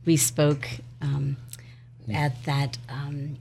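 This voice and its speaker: A woman's voice: sits low, monotone, extremely slow, gravelly, darkish tone, slight background noise. A woman in her fifties co-hosting a podcast with her husband, chatty and laughing often, sometimes trailing off. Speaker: podcast co-host. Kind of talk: casual chat with spouse.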